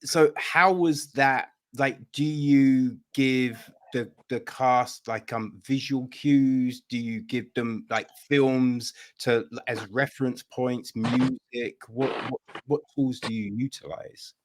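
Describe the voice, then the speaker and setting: A man's voice: mid-range voice, fairly even intonation, slow pace, few pauses. A man hosting a podcast interview who asks long, searching questions.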